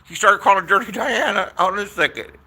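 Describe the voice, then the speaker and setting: A man's voice: high voice, fast talker, sharp tone. A man telling stories in a casual, rambling rant, swearing a lot and repeating his phrases.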